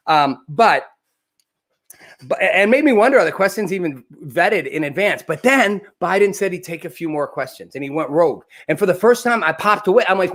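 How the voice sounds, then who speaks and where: A man's voice: high-pitched, animated, normal speed, fairly bright tone. A man hosting a live political commentary show, talking casually and animatedly, often restarting with repeated words. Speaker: host.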